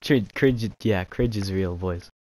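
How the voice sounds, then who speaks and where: Giggly self-mocking young gaming host. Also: male voice, deep voice, measured pace, a little mellow, no room sound. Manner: giggly, self-mocking, says "you know" often. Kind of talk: casual gaming chat with impressions.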